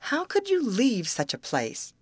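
A woman's voice: fairly high pitch, huge pitch swings, a little slow, breathy edge, no room sound, pitched above the performer's own voice, heavily acted. A woman voicing a newly made, innocent snowman in a storybook who asks eager, wondering questions in a raised voice. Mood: curious.

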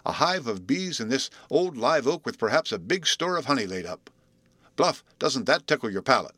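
A man voicing a calm, shrewd young man in a storybook reading, explaining things thoughtfully. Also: medium pitch, moderate pace, dry recording.

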